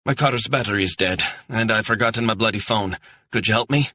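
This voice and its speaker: A man's voice: fairly low pitch, brisk, sharp tone, no room sound, clean studio sound, voice pushed up. A man voicing a young, educated Scottish woman who is stranded and apologetic, speaking in a pleading, earnest way. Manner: pleading, rising urgency, apologetic.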